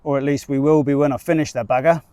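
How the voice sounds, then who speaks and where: A man's voice: mid-range voice, steady tone, fast, warm tone, smooth, no echo, natural voice. A man voicing a jovial middle-aged male sheep farmer with a New Zealand accent and a cheeky, blustering salesman manner. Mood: hearty.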